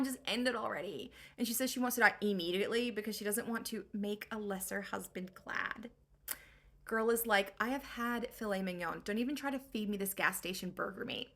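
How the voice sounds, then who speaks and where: A woman retells a classic tale as a comedy recap, in sassy, slangy valley-girl talk with dry asides. Her voice sits a bit high for a woman. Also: fairly bright tone. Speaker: host.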